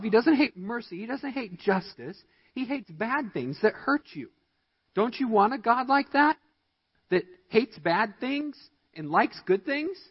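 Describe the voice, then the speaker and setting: A man preaching a sermon as pastor, stressing his points with emphatic, rising delivery. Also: breathy edge. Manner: emphatic preaching with rising pitch on key lines. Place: church sanctuary. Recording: dull, echoey church recording.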